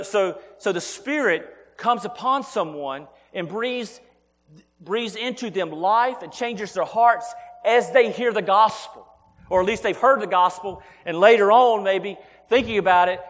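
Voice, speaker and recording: A man preaching a sermon as pastor, earnest and repeating words as he presses his points, calling the listeners folks. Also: high voice. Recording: long hall reverb.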